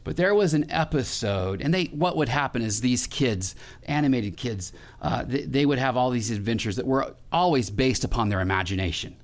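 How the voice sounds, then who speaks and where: A man's voice: mid-range voice, animated, moderate pace. A middle-aged male pastor preaching a sermon in a conversational way, with restarts and questions put to the congregation.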